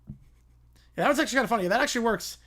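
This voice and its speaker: A man's voice: extremely high pitch, expressive, very fast, fairly bright tone. A man hosting a livestream in a loose, chatty way. He reads and reacts with easy amusement, talking to his viewers. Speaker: livestream host. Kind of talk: casual livestream commentary.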